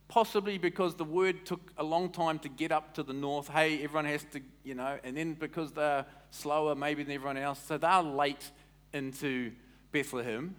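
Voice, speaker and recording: Animated pastor, slightly high voice. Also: male voice. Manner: animated and conversational, quizzing the congregation. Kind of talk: sermon.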